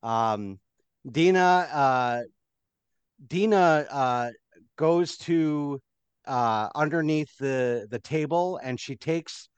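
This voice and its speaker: Man, game master, halting, full of fillers, smooth voice, dry close sound. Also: on the high side, no room sound. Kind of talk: narrating a tabletop game.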